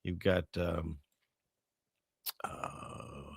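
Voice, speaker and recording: A man's voice: deep voice, fairly even intonation, extremely slow, creaky, husky, no room sound, studio quality. A man hosting a casual chat show, rambling through items and chuckling at his own jokes. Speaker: podcast host.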